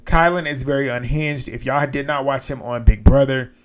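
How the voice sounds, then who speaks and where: A man with a middle-of-the-road pitch talks through a reality show episode in loose, chatty commentary. He is frank and blunt, and he swears freely as he gives his opinions. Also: steady tone, moderate pace. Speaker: reality TV recap host. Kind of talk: casual recap commentary.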